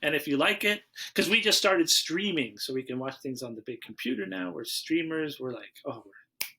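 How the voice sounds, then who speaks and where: A man's voice: on the high side, brisk, vocal fry, background noise. A man hosting a casual movie podcast, telling stories and acting out quotes in exaggerated voices. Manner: animated storyteller, acts out quotes in exaggerated voices. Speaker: podcast host.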